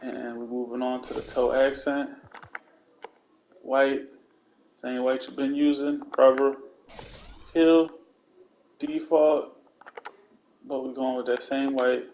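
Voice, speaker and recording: A man with a gravelly, fry-tinged voice talks through a step-by-step walkthrough in a relaxed, slangy voice-over. His pitch sits in a middle range, and a faint hiss sits under his voice. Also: slow pace, pauses often. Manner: relaxed, laid-back step-by-step instructions; slangy, conversational asides. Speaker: video game content creator.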